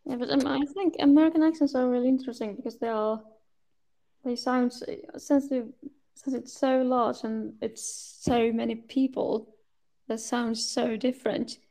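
A woman's voice: on the high side, fairly even intonation, moderate pace, gravelly, mellow. A woman with a Swedish accent, Swedish her first language, chatting as a podcast guest and often stopping and restarting as she searches for words. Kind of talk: casual podcast chat.

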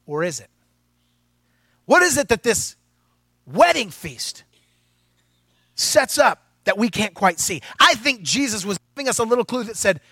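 A male pastor preaching a sermon in a playful, animated way, with asides to his congregation. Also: high voice, a little slow, pauses often, no echo.

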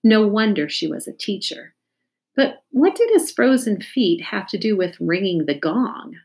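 A woman calmly reading a children's chapter book aloud as narrator. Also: medium pitch, unhurried.

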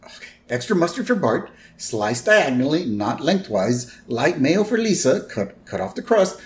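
A man voicing an overworked, put-upon cartoon mom who briskly ticks off a list. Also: on the high side, sing-song, echoey room. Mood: busy.

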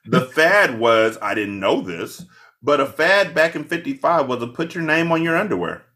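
A man hosting a podcast in casual chat. He is animated and retells scenes with funny voices. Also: medium pitch, normal speed. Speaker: podcast host.

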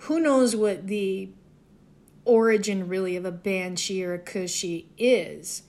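A woman's voice: medium pitch, unhurried, a little mellow. A woman from the Ozarks, chatting casually in a digressive monologue and correcting herself as she goes. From Southwest Missouri, Ozarks. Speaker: folklore podcaster.

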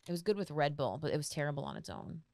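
A woman co-hosting a taste test over a video call, chatty and quick to giggle. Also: sits low, very animated, a little mellow. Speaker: co-host. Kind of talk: casual chat.

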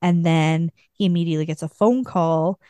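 A woman co-host rambles through a casual book recap, peppering her retelling with filler words. Her voice sits a little low and sounds mellow and relaxed. The recording is close and dry, with no room sound. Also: moderate pace, clean tone, no echo. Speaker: podcast co-host.

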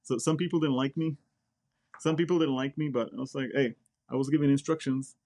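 A man's voice: medium pitch, steady tone, a little fast, a little mellow. A man from the Republic, speaking bluntly and directly as an interview guest, often repeating words as he talks. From Czech Republic. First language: Czech. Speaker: guest, Air Force member. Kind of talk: casual interview chat.

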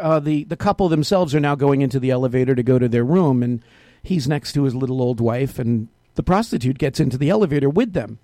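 A man's voice: medium pitch, fast talker, few pauses, mellow, no echo, studio quality. A man co-hosting a casual talk show, playful and teasing, telling jokes. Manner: playful, teasing, tells jokes with put-on voices. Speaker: co-host.

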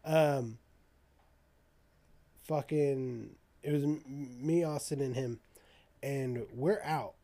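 A man's voice: mid-range voice, extremely slow, pauses often. Profane young man telling a story. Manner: profane, animated storytelling with quoted dialogue. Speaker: storyteller in a casual podcast chat. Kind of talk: casual chat.

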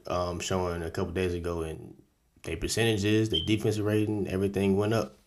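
A man co-hosting a casual sports talk show, agreeable and quick to chime in. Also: deep voice, little pitch movement, a little hiss or hum. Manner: agreeable, quick back-and-forth. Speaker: podcast co-host.

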